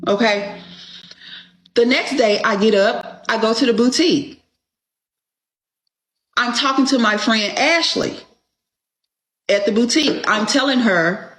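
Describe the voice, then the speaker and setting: Woman guest, emphatic and profane storyteller, unhurried, in a roomy, echoey space. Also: a little high, a bit bright. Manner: emphatic, profane, keeps asking "okay?". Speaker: guest telling her story. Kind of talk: casual storytelling. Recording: echoey room.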